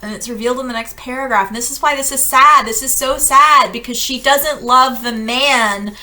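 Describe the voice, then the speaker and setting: A young adult woman leading a casual book-club lesson, chatty and animated, acting out quotes. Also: high voice, moderate pace.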